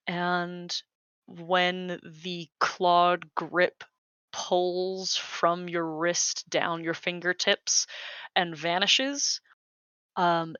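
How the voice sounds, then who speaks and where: Woman, game master, tabletop narration, slow, bright voice, pausing with um, dull dry lo-fi recording. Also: lowish voice, steady tone, smooth, no room sound. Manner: unhurried, many 'um' pauses while describing.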